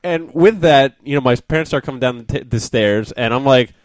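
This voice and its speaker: A young adult man telling a story as a podcast guest, halting and laughing often. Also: medium pitch, no room sound. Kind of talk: casual chat.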